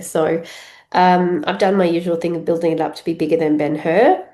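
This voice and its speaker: Congested Australian woman, low-pitched voice, rambling casual podcast chat, roomy echo. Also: fairly even intonation, moderate pace, dark tone. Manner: rambling, many fillers and restarts. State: congested with a head cold. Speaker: podcast host.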